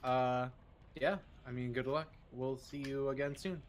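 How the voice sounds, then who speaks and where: A man's voice: medium pitch, steady tone, unhurried, slight background noise. A man co-commentating a speedrun, laid-back and hesitant, with lots of fillers. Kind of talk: casual esports commentary.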